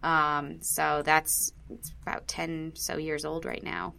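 Bright-voiced chatty woman podcaster. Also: low-pitched, flat delivery, takes it slowly, vocal fry. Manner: chatty, rambling with many fillers and restarts. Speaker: podcast co-host. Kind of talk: casual chat.

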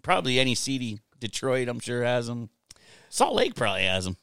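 A male co-host with a mid-pitched, smooth, resonant voice trades laid-back jokes. He sounds close and dry. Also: sing-song, fairly quick, fairly bright tone, dry recording. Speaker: podcast co-host. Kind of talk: casual podcast banter.

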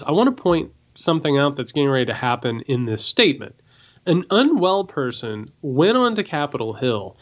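A man's voice: a little high, dull audio. A man co-hosting a political commentary podcast, talking emphatically and sarcastically and hammering his points home by repeating them. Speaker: podcast co-host.

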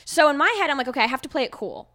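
Bright-voiced woman telling a story. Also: high-pitched, racing. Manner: animated, laughs often, swears casually. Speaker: podcast guest. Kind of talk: casual storytelling.

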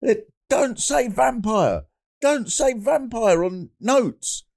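A man's voice: very high-pitched, big pitch swings, takes it slowly, gravelly, darkish tone, voice pushed up, exaggerated voice. A man putting on the voice of a fussy, flustered male nurse in an anecdote. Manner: fussy, repetitive.

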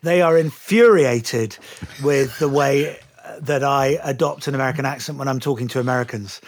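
A middle-aged English actor telling animated stories and laughing easily over a relaxed lunch interview. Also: male voice, mid-range voice, a little fast. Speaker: guest actor.

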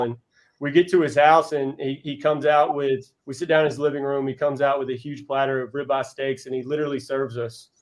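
A man's voice: mid-range voice, flat delivery, low-quality recording. Earnest young man telling stories. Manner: earnest, heartfelt, with halting restarts. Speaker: college basketball coach, guest. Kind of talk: casual podcast storytelling.

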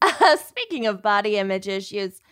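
A woman's voice: mid-range voice, sing-song, moderate pace, a bit bright, clean tone. A woman with a Minnesotan accent co-hosting a podcast, chatting casually and laughing often. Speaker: podcast co-host. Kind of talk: casual chat.

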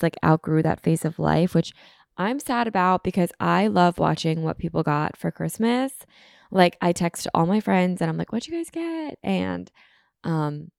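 Woman with a gravelly morning voice, chatty host. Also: fairly low pitch, darkish tone, dry recording, clean studio sound. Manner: chatty, rambling, full of "like" and "um". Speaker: podcast host. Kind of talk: casual chat podcast. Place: her apartment.

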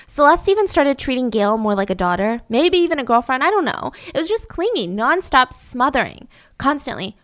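A woman's voice: on the high side, sing-song, normal speed, dry recording, clean studio sound. Wry young woman telling a true-crime story. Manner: wry, sarcastic asides.

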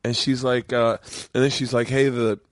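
A man's voice: medium pitch, level tone, moderate pace, no room sound, studio quality. A man hosting a podcast, telling stories in casual chat, laughing often and swearing freely. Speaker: podcast host. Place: home studio mancave.

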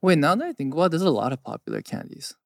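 A man's voice: fairly high pitch, very animated, racing, creaky, no echo, studio quality. A young man from California co-hosting a podcast, chatting casually with playful, joking banter. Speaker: podcast co-host. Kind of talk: casual chat.

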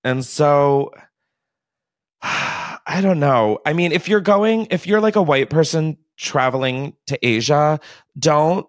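A man's voice: on the high side, takes it slowly, no echo, studio quality. Chatty, laughing male podcast host. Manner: chatty, animated, profane, laughs often. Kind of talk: casual podcast chat.

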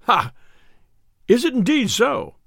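A boastful, hot-tempered tinker , as a storyteller puts him on, bellowing his archaic threats and jests in a storybook reading. His voice swings widely from low grumbles to loud bursts, and the recording is close and dry. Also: very animated, moderate pace, no room sound, exaggerated voice. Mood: blustering. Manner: blustering, loud archaic speech.

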